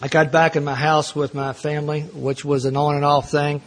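A man's voice: a little high, flat delivery, normal speed. Earnest middle-aged man telling his story. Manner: earnest and self-mocking, often laughing. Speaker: speaker at a recovery meeting. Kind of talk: personal storytelling talk.

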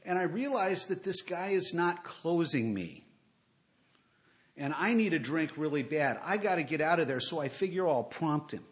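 A man's voice: a little high, normal speed. Wry middle-aged man telling his story. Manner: wry, self-mocking humor with lively swings in loudness. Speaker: speaker sharing his recovery story. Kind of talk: personal storytelling talk to an audience.

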